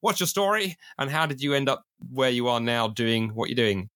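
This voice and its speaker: Brief: male host, bright forceful tone, playful and chatty, lively pitch. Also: normal speed. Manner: jovial, chatty. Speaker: podcast host. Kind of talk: casual podcast hosting.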